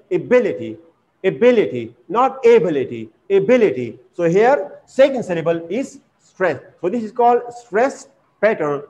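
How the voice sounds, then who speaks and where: A man teaching an English vocabulary lesson. He speaks slowly and deliberately, with frequent "uh"s, and repeats words while exaggerating their stress. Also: high-pitched, a little mellow. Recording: dull lo-fi recording.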